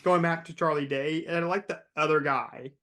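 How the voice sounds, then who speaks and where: A man's voice: fairly high pitch, normal speed, a bit bright. A man co-hosting a casual film podcast, easygoing and joking. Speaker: podcast co-host.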